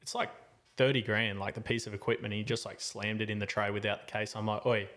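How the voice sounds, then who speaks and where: A young man tells a story on a podcast in a relaxed, chatty way. He animates it by putting on voices for the people in it, and his voice swings high and low as he goes. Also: fast talker. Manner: animated, acts out both sides of the story with voices. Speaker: podcast co-host. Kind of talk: casual storytelling chat.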